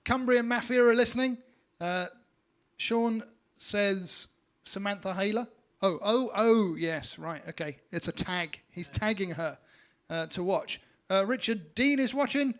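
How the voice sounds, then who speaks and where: Higher-voiced man reading viewer shout-outs. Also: unhurried. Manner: reads names and comments with hesitant fillers. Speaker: co-host reading viewer comments. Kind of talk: casual live-stream chat.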